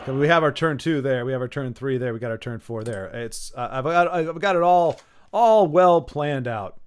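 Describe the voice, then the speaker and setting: A man's voice: mid-range voice, moderate pace, smooth. A man giving casual, joking commentary while playing a card game, muttering to himself between asides to his viewers. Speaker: gaming channel host.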